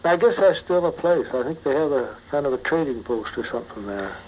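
An older man, a former pilot, slowly telling his memories in an interview, with many pauses and fillers. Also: mid-range voice, animated. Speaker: retired bush pilot. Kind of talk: oral history interview. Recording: muffled archival tape with faint hiss.

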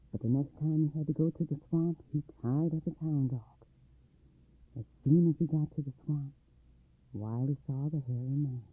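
A man reading a folktale aloud, expressive, shifting his pitch and volume. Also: breathy edge, no echo. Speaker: storyteller. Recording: dry tinny phone-like line.

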